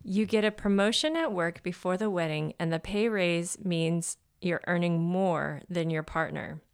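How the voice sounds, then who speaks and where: Woman co-host, casual chat, quick to laugh, reads the questions, lower pitch. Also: clear, resonant tone.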